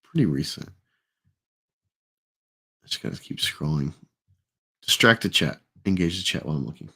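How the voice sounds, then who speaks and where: A man's voice: a bass voice, expressive, moderate pace, pushed and bright, breathy edge. A man co-hosting a casual livestream, giving blunt, profane and sarcastic opinions. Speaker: podcast co-host.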